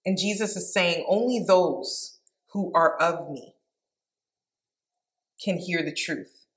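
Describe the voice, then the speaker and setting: An earnest woman with a slightly low voice, talking through a Bible passage in a relaxed, conversational way. She reads the verses aloud plainly, then reflects on them as if speaking to a small group. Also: takes it slowly. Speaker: Bible teacher. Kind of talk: informal devotional Bible teaching with scripture reading.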